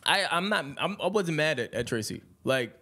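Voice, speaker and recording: A man's voice: fairly high pitch, normal speed. A man co-hosting a podcast in casual chat, telling stories animatedly and mimicking people. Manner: animated storyteller, mimics people while laughing. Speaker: podcast co-host.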